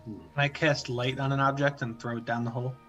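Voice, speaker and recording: A man's voice: medium pitch, flat delivery, a little fast, fairly bright tone, soft background music. A man playing in a tabletop game, talking in a blunt, offhand way. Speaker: player. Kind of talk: casual chat in a tabletop game.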